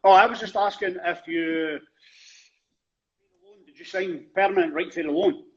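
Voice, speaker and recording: Scottish male host, high-voiced and laid-back, sounding far away on muffled call audio. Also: normal speed. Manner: relaxed, brief prompts and "mate". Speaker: interviewer host. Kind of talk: casual interview chat. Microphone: live video call. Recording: distant, dull call audio.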